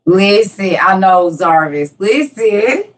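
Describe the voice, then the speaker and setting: A woman's voice: medium pitch, lively intonation, takes it slowly. An older woman hosting an online class in a casual live-stream chat, laughing often and talking straight to her audience.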